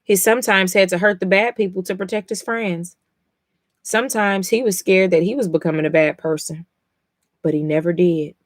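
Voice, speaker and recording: A woman's voice: on the low side, normal speed, no echo, studio quality. A woman streaming live as she reads comics aloud and reacts, emotional and blunt, swearing freely between passages.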